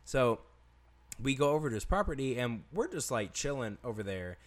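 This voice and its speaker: A man's voice: mid-range voice, big pitch swings, normal speed. A young man co-hosting a podcast, telling a rambling, profane story in casual chat and laughing often. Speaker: podcast co-host.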